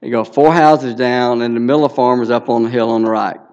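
A man voicing a slow, dry old male dairy farmer with a drawl. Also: mid-range voice, fairly even intonation, darkish tone, lo-fi sound, natural voice.

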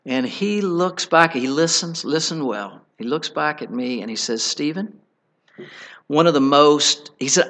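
A middle-aged man preaching a sermon, telling a personal story in an earnest, halting way with many restarts. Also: on the high side, expressive, a bit bright.

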